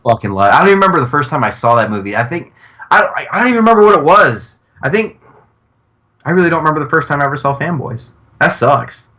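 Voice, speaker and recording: A man's voice: fairly high pitch, big pitch swings, quick pace, pushed and bright, low-quality recording. A man co-hosting a casual podcast, telling stories animatedly, swearing freely and acting out quotes. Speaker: podcast co-host.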